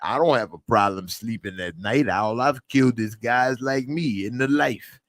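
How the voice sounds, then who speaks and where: A man's voice: mid-range voice, moderate pace, no room sound, clean studio sound, pitched below the performer's own voice, lightly acted. A man imitating a cold, boastful old-school gangster who talks in a swaggering tough-guy way.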